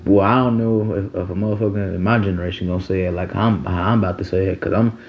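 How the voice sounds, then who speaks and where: A man's voice: deep voice, fairly even intonation, fast, highs cut off, slight background noise. A man in his twenties talking in a loose, rambling monologue full of slang and "you know what I'm saying.". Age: 20s. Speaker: podcast host. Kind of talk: casual monologue.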